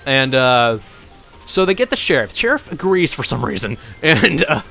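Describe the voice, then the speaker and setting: A man's voice: mid-range voice, very animated, moderate pace, vocal fry, pushed and bright, soft background music. A man doing casual let's play commentary, rambling through a story with many fillers and swearing at the game now and then.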